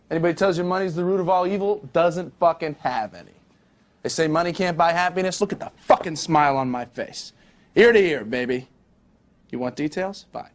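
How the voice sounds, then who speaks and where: An actor in his twenties playing a brash, profane young stockbroker boss in a film monologue. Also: close to an everyday voice. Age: 20s. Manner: brash, profane recruiting pitch. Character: cocky young rich male broker, swaggering.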